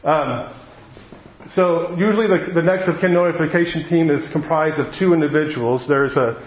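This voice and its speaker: A man preaching a sermon, telling a personal story in an earnest way and slowing down on the heavy moments. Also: on the high side. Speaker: pastor. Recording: echoey hall, dull lo-fi sound.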